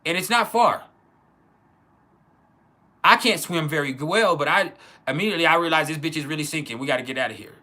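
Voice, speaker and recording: A man tells a story from his childhood, talking casually and stumbling over restarts. His voice is fairly high and very bright, with a forceful edge. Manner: casual, halting, many restarts and repeats. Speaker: channel host. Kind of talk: personal storytelling.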